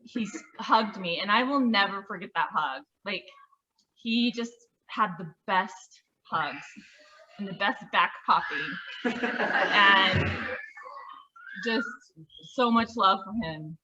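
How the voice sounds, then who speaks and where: A woman shares a family memory in a casual, laughing way. Her voice is bright and forceful. The audio is muffled and lo-fi. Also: medium pitch, takes it slowly, pauses often. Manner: warm, laughing, heartfelt. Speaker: family member sharing a memory. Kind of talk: casual storytelling. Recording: dull lo-fi audio.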